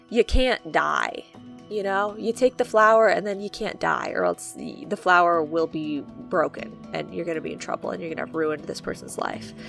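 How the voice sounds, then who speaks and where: A woman's voice: medium pitch, gravelly, fairly bright tone. A woman hosting a gaming video, casually retelling her playthrough in a rambling, playful way, often hunting for words. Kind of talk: casual story retelling of a game.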